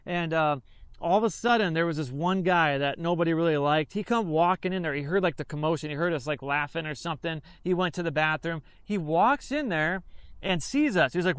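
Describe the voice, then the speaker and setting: An army veteran recounts a training story in a loose, rambling way, circling back and correcting himself as he goes. His voice sits high and sounds smooth and clear. The recording is dry and close. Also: a little fast, fairly bright tone, no room sound. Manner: rambling, filler-heavy, self-correcting. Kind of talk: casual storytelling.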